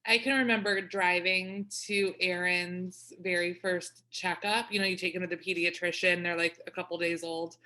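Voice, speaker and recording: A woman hosting a casual chat podcast, given to quick interjections and candid asides. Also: fairly low pitch, fairly even intonation, sharp tone. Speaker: podcast host.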